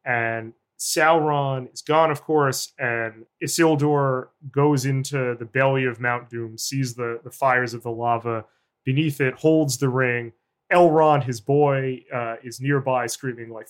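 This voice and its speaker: A man, a journalist guest, giving long, deliberate analytic answers in an interview. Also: medium pitch, steady tone.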